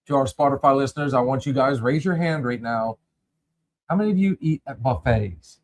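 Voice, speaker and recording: A man's voice: mid-range voice, fairly quick. A man hosting a casual podcast chat, rambling and repeating words as he addresses his listeners. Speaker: podcast host.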